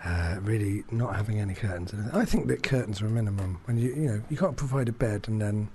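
A man's voice: fairly low pitch, fast, darkish tone, a little hiss or hum. A man from England chatting casually, rambling through a holiday story with fillers and frequent swearing. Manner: rambling, anecdotal, swears freely. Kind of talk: casual chat.

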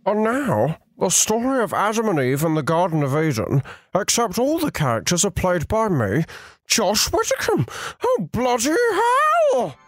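A man's voice: high voice, huge pitch swings, measured pace, soft background music, voice pushed up, full character voice. A man impersonating an exasperated comedian. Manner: exasperated, keeps saying "bloody hell". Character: impression of a grumbling male comedian. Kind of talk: comic impression in a sketch.

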